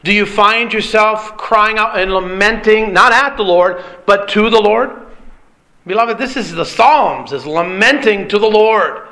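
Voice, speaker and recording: A male pastor delivers an earnest sermon in a high, bright voice worn hoarse and strained. He leans on rhetorical questions and clears his throat often. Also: measured pace. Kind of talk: expository sermon.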